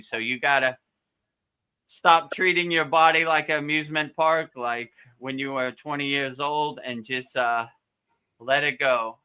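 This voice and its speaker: A man's voice: a little high, sharp tone, clean tone. A man who is a spiritual teacher gives casual advice in a live question-and-answer session, easygoing and repeating his words often, with many fillers.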